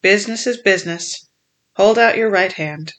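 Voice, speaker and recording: A sinister blind old pirate beggar , as an audiobook reader puts him on, pitched up in a wheedling sing-song that drags slowly. Underneath it sits a cold, cruel menace. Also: fairly bright tone, close to an everyday voice. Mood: commanding. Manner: whining sing-song turning cold and threatening. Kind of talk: audiobook character voice.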